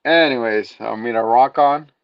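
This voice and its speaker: A man of average pitch co-hosts a loose, comedic show recap, laughing often and acting out scenes in odd voices. His mic sounds a little dull and muffled. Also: normal speed, dry recording. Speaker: podcast co-host. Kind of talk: casual comedic chat.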